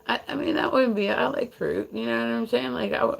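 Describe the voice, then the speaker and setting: A woman's voice: medium pitch, animated, brisk, vocal fry, few pauses, rough recording. An American woman hosting a livestream, chatting casually and rambling with many restarts and fillers. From United States. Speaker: livestream host. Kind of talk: casual chat.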